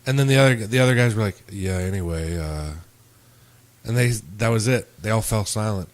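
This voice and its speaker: A man's voice: fairly low pitch, fairly quick. Man telling profane stories on a podcast. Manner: profane, animated storytelling with acted quotes. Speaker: podcast host. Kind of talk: casual podcast chat.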